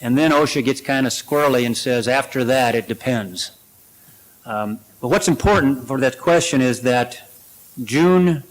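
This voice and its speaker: A man's voice: medium pitch, poor audio. A man speaking at an industry conference, presenting and then answering audience questions in a practical, conversational way with frequent fillers.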